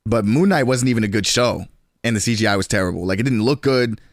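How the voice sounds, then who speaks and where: A young man in his twenties chatting casually on a stream, slangy and rambling, with quick restarts. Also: on the low side, no echo, clean studio sound.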